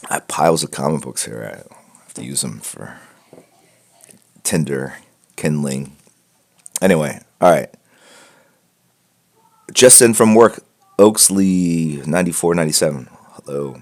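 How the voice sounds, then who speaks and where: A man with a very deep voice and a rough, gravelly edge talks casually to a live stream audience. He rambles, jokes and restarts his sentences, with plenty of fillers. He wears headphones and talks from a room at home filled with comic books. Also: unhurried, pauses often, a little mellow. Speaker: host of a live art portfolio critique stream. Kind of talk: casual livestream chat. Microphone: wearing headphones.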